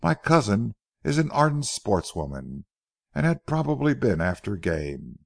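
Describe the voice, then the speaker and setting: A man reading as a scornful gentleman. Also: lowish voice, sing-song, measured pace, creaky, no echo, studio quality, heavily acted. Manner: scornful, dismissive laughter in his words. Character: haughty young gentleman cousin, mocking.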